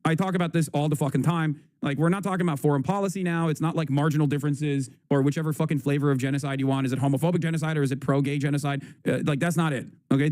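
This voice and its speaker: A man gives sarcastic, profanity-laced political commentary on a livestream. He pushes his points combatively and in a high voice. The sound is dry and close. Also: a little mellow, dry recording. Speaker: livestream host.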